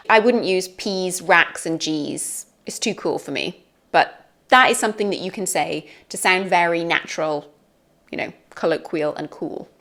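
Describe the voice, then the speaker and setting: A woman with a British accent talks through an English lesson. Her pitch sits in a middle range, neither high nor low. She explains in a chatty, friendly manner, as if to a student. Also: a bit bright. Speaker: English teacher.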